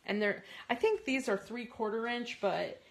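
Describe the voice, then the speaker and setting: A woman hosting a casual card-making tutorial from her craft space, chatty and rambling, with bursts of excitement. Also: a little high, moderate pace, gravelly.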